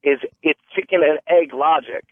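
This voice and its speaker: A man calling in to a radio show, arguing his opinion forcefully. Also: on the high side, moderate pace, dry recording. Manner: argumentative, opinionated. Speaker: caller. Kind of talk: phone-in debate. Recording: tinny phone line.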